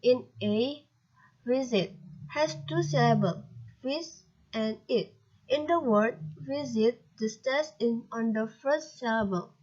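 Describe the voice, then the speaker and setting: A young woman student with an Indonesian accent, reading a grammar lesson aloud in a halting way and spelling out letters. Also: a little high, a little mellow, dull audio. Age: young adult. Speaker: student presenter.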